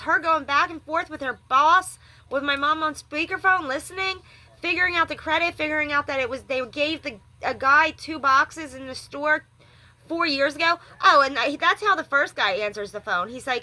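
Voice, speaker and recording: Young woman venting on her vlog, bright tense voice, rambly and rattled, does the phone guy's lines too. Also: high-pitched, expressive, fairly quick. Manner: rambling, upset, acts out both sides of a phone call. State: rattled and upset. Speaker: vlogger. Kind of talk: venting story to camera.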